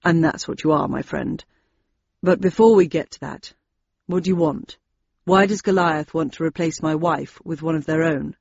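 A woman's voice: sits low, creaky, a little mellow, breathy edge, no room sound, dull audio, voice pushed down, heavily acted. A woman reading as a dry, sarcastic husband. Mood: coldly threatening. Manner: cool, measured and threatening. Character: dry, wary middle-aged male husband, sarcastic.

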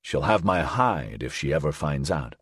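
Wary clinical doctor, deep and husky, as the narrator puts him on, audiobook, dry room. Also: male voice, very animated, normal speed, a bit bright, no echo, heavily acted. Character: cautious, guarded male doctor, low-voiced.

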